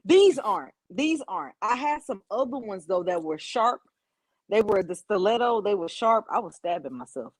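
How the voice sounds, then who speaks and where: A woman's voice: medium pitch, sing-song, moderate pace, dry recording, low-quality recording. A woman in her twenties with a Southern US accent, chatting playfully as a podcast guest. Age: 20s. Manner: playful, rambling, self-mocking. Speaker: guest, content creator. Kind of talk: casual interview banter.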